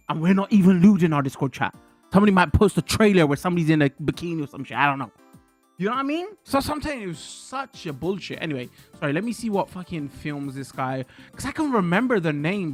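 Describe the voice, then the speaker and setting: A man chatting casually on a livestream, animated and swearing as he rants to his chat from a hot room with a fan running. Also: a little high.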